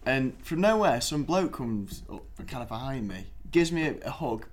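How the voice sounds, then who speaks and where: A man's voice: medium pitch, sing-song, normal speed. A young man co-hosting a casual football podcast, telling a rambling anecdote with frequent restarts. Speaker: podcast co-host.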